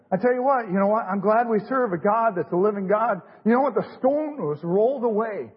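A man preaching a fervent sermon in a church, excitable and repetitive, forever saying "hey, listen" and "you know what". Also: high voice, brisk, slightly rough. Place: church sanctuary. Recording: echoey hall, muffled lo-fi recording.

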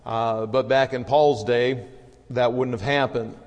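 Folksy preacher in an echoing hall. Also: male voice, medium pitch, steady tone, a little slow, a little mellow, dull audio. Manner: folksy, conversational preaching with fillers. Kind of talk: sermon.

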